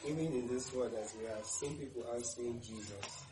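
A man's voice: medium pitch, distant mic. Man reading scripture over noise. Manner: measured reading, then loud testimony. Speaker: Bible study participant. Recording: noisy background.

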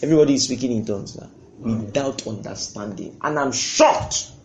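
A man preaching a sermon with fervour, swinging between loud outbursts and hushed asides. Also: mid-range voice, a little fast, a little hiss or hum. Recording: echoey room.

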